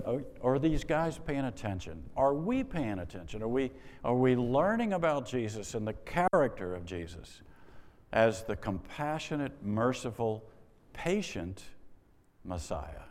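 A man's voice: medium pitch, a little mellow. A man preaching a sermon, with wry rhetorical questions and exasperated asides. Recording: long reverb of a large hall.

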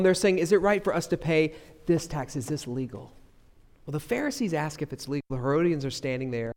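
A man preaching from the pulpit, his voice sitting a little high and rising into loud, stressed phrases before dropping to quiet asides. The sermon rings through a church sanctuary with a long, hall-like reverb. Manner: dynamic preaching, swings between loud emphasis and quiet asides. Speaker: pastor.

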